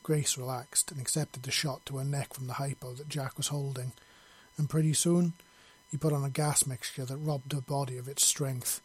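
Husky man reading a story. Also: medium pitch, steady tone, normal speed. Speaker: narrator.

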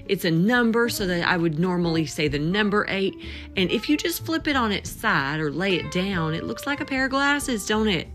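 Lower-voiced woman hosting a faith podcast. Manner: playful, switches between put-on accents; earnest, prayerful. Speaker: podcast host. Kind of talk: faith podcast monologue with spoken prayer.

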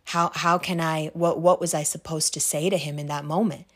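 A woman voicing her worried older father, speaking low and hushed in pleading, defensive questions. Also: fairly even intonation, normal speed.

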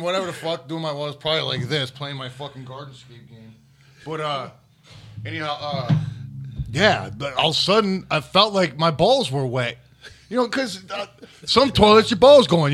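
A man's voice: fairly high pitch, fairly bright tone. A man hosting a podcast, telling crude stories in a rambling, casual way full of fillers and swearing. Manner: rambling, profane storytelling with many fillers. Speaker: podcast host. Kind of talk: casual chat. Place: podcast studio.

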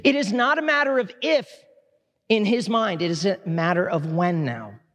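A man preaching a sermon in a church, impassioned but conversational, with quick asides to the congregation. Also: high-pitched, a bit bright. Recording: long hall reverb.

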